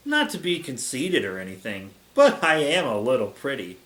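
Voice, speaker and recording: A man's voice: medium pitch, huge pitch swings, normal speed, few pauses, a bit bright. Sarcastic man reading fan fiction aloud. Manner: sarcastic, exasperated asides. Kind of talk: comedic reading with commentary. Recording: echoey room.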